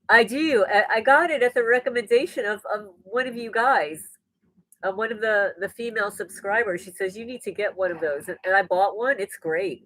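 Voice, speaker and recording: An older woman chats animatedly on a laptop livestream, reading out viewer comments. Her voice sits at a middling pitch, and the sound is dry and close with little room echo. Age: 60s. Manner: animated, repeats words, laughs often. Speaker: livestream host. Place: rural home indoors. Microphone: laptop mic.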